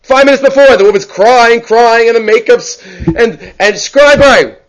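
A man teaching a Talmud class, reading Hebrew and Aramaic passages aloud and explaining them in English with animated storytelling. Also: extremely high pitch, normal speed, rough recording. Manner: animated storyteller, many restarts.

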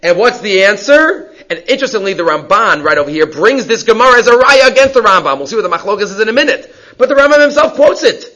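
A man with a fairly high voice teaches a lesson on Jewish law. He reads Hebrew source passages and then explains them emphatically in plain English. The recording sounds dull and lo-fi. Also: big pitch swings, quick pace, hardly any pauses, bright, forceful tone. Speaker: Torah teacher.

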